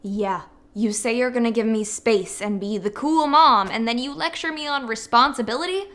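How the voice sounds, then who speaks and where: An actress playing a sarcastic, defiant teenage daughter in a film drama. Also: female voice, fairly high pitch, normal speed, a bit bright, lightly acted. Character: mouthy teenage daughter named Amber. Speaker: actor. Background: film score music.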